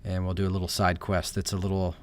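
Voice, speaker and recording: Low-voiced Southern man narrating gameplay. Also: fast. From American South. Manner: relaxed, thinking aloud with fillers. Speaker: let's play host. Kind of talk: casual game commentary.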